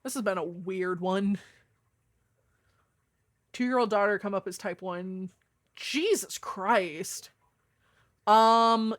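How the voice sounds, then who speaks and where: A young adult woman streamer chatting casually with her viewers, swearing freely, with a deeper voice than most women. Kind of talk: casual live-stream chat.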